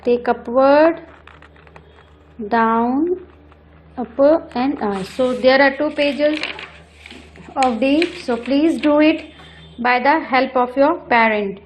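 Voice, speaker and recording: A woman teaching children cursive handwriting, giving slow step-by-step instructions and repeating each stroke. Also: high voice, slight background noise. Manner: switches between English and Hindi.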